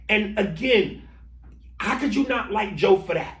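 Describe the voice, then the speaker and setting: Heard far from the mic with a roomy echo, this podcast co-host speaks in a high-pitched, expressive, somewhat slow voice. He's caught up in a fiery political argument, cursing and stammering as he restarts his points.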